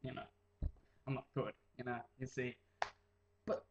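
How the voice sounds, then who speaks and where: A man's voice: a little high, sing-song, a little slow, long pauses, reverberant, highs cut off. A teenage boy rambling in a casual vlog, mumbling and jumping into silly voices. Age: late teens. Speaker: vlogger.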